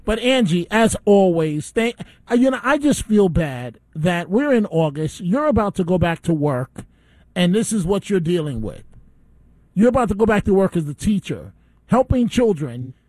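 A man's voice: high-pitched, big pitch swings, normal speed, darkish tone, dry recording. A man hosting a call-in radio talk show, ranting indignantly between calls. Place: radio studio.

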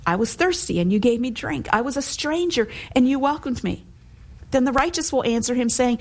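A middle-aged woman teaching from the Bible with earnest warmth of conviction and a conversational flow. Her voice sits a little high, and she moves easily between everyday asides and quoted verses. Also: expressive, a little fast. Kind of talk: devotional teaching.

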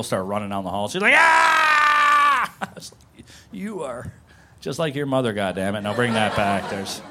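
Lively family-man stand-up comic. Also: low-pitched, background noise. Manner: animated, shifting into shouts and whispers for quotes. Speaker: stand-up comedian. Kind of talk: stand-up comedy set.

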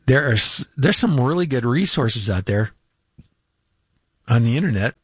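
A man's voice: mid-range voice, animated, moderate pace, breathy edge, no room sound. An older man hosting a radio finance show, talking casually in a rambling way with chuckles, fillers and restarts, from a studio. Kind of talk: casual unscripted radio talk.

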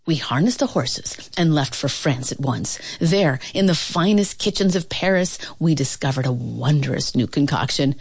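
Husky woman reading a picture book aloud. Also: deep voice, dry recording. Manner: expressive, playful, with laughs and dramatic pauses. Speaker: storybook reader.

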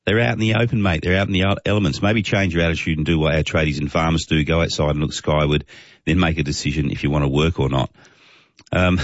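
A man's voice: rumbling low, no room sound, dull audio. A man with an Australian accent hosting talk radio, reading listener texts in a chatty, jokey, matey way. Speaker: radio host.

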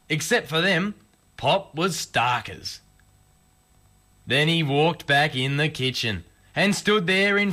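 A man reciting a comic rhyming bush poem in an animated storytelling manner. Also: a little high.

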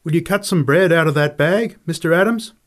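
A man voicing a calm, polite male camp cook in a storybook reading. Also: fairly high pitch, pitched above the performer's own voice, natural voice. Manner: courteous, measured.

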